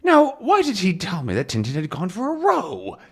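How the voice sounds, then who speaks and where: A man voicing a confused, hard-of-hearing old male professor who mutters bewildered questions, shifted high. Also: huge pitch swings, normal speed, husky, heavily acted.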